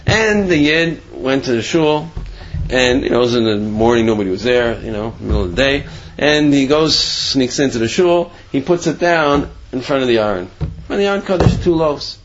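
A man's voice: medium pitch, lively intonation, normal speed, a little hiss or hum. Rambling male storyteller on a dull recording. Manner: rambling, full of "you know" and restarts. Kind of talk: casual religious storytelling.

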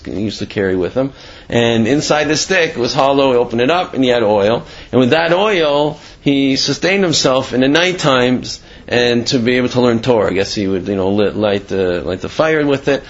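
A man's voice: medium pitch, muffled recording. Rambling male religious teacher. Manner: rambling, conversational, with many fillers and Hebrew terms. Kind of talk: Torah class with a joke.

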